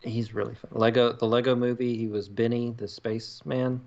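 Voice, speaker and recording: A man chatting casually as a podcast co-host, with a pitch that sits in the middle range. He tells stories with many fillers and restarts. The recording sounds a little dull and lo-fi. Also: level tone, normal speed, darkish tone. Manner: chatty, storytelling with frequent fillers. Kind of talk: casual chat.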